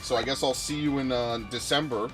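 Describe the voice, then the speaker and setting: A man's voice: mid-range voice, steady tone, a little fast, a bit bright, soft background music. A man streaming a game, ranting with exasperation and lots of swearing. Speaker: gaming streamer.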